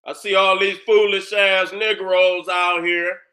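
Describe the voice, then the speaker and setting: A man's voice: high voice, little pitch movement, a little slow, pushed and bright. A man hosting his own channel, delivering a combative, boastful, profane monologue and repeating his phrases.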